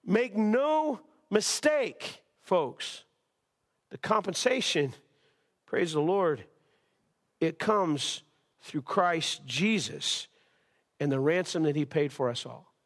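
A man preaches to his congregation in a slightly high voice. He is impassioned, repeating himself and circling back as he builds each point. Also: expressive, slow, long pauses, a bit bright. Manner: impassioned preaching with repetitions and restarts. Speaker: pastor. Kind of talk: sermon. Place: church service.

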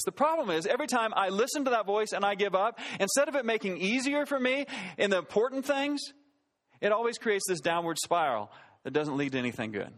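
A man's voice: high voice, lively intonation, fairly quick, a bit bright. A man preaching a sermon, telling a self-deprecating story and joking as he goes. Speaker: pastor.

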